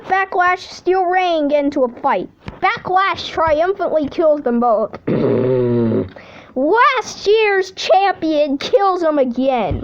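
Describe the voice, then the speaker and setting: A high-pitched woman reads out a list of game events in a casual, playful way, tossing in jokes and cheers between them. The sound is dull and lo-fi, with a faint hiss underneath. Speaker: channel host. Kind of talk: reading simulator results aloud with commentary.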